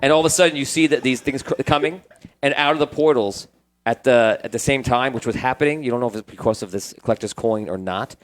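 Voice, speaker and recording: A man's voice: mid-range voice, fast talker. A man narrating a tabletop game as game master, rambling with many fillers, over background music.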